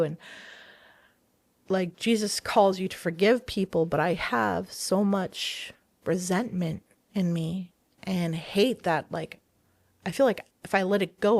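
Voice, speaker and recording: A woman's voice: lowish voice, darkish tone, dry recording. A woman telling her personal story of faith as a guest in an interview, earnest and hesitant, often restarting her sentences. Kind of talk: personal testimony in a podcast interview.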